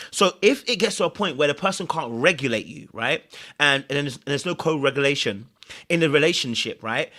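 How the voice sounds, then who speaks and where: A young man, hosting a casual podcast and commenting in an animated, playful way, laughing at himself and repeating words. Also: on the high side. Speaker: podcast host.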